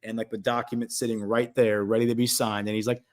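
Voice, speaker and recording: A man's voice: medium pitch, fairly even intonation, fast talker. A man hosting a casual talk show, telling a long story full of fillers and acted-out quotes. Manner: rambling, filler-heavy, acts out quotes. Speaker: podcast host.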